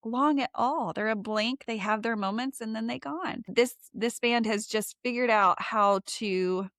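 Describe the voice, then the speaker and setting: A woman's voice: on the high side, unhurried, fairly bright tone, dry recording, studio quality. A woman hosting a podcast, chatting casually and effusively with guests, often repeating phrases for emphasis. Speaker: podcast host. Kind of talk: casual interview chat.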